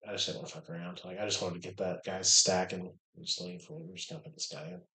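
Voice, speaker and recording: A man casually commenting on his own online poker game, thinking aloud with many hesitations and low mutters. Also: sing-song, fast talker, creaky, sharp tone, echoey room. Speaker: poker streamer.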